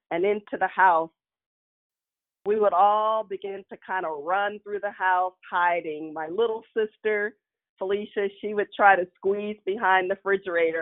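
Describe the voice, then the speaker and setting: A woman telling a personal childhood story with frequent chuckles, in a nostalgic way. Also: mid-range voice. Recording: tinny phone-like line.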